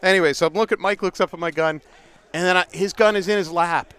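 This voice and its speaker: New guy, middle-aged, smooth clear voice, chatty animated storyteller on a stream. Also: high voice, quick pace. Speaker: paintball commentator. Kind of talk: casual storytelling on a livestream. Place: outdoors at a paintball event.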